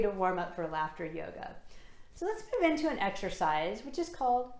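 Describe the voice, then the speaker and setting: Calm, encouraging woman in an echoey room. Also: mid-range voice, normal speed, slight background noise. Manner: calm, encouraging, leads laughing chants. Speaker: laughter yoga leader. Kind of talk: instructional talk with guided exercises.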